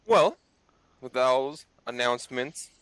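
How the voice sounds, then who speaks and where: A man's voice: mid-range voice, slow, fairly bright tone, clear, resonant tone, no echo. A man leading a casual chat before a tabletop game session, playful and upbeat.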